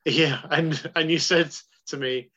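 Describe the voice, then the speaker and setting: A man's voice: fairly high pitch, steady tone, a little slow, pushed and bright, breathy edge, dull audio. A man hosting a casual podcast over a video call, chatting and signing off to listeners. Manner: chatty, friendly sign-off patter. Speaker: podcast host. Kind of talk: casual chat and show sign-off.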